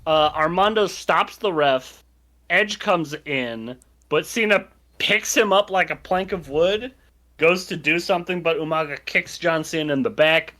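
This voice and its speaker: A man's voice: fairly high pitch, pushed and bright. A man co-hosting a casual wrestling podcast, walking through a match recap. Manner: narrates match play-by-play. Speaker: podcast co-host.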